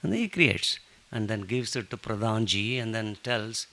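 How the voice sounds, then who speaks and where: A man leading a satsang, telling a devotional story with lively joking asides. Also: on the low side, moderate pace. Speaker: satsang speaker.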